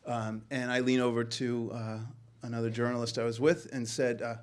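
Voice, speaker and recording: Middle-aged man from Boston, journalist on a panel, earnest, halting, lots of ums, mid-pitched voice. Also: flat delivery. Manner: earnest, halting storytelling with many ums and restarts. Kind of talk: personal story told to a panel.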